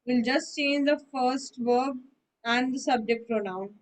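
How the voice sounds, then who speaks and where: A woman teaches a French lesson online, talking at an unhurried pace in a voice pitched a little high. She explains step by step and keeps checking that her student has followed. Her tone is patient and steady. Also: low-quality recording. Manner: patient, repeats and checks understanding. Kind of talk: online one-on-one language lesson.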